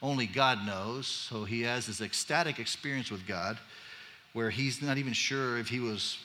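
A man's voice: medium pitch, moderate pace, bright, forceful tone, slight background noise. A man preaching a conversational sermon, casual and chatty with joking asides, in a church sanctuary. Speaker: pastor. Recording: long reverb of a large hall.

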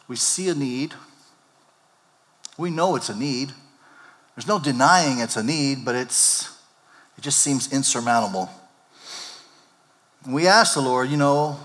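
A male pastor preaching a sermon, animated and acting out the disciples' lines in character voices. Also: medium pitch, unhurried, long pauses. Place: church sanctuary. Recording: long hall reverb.

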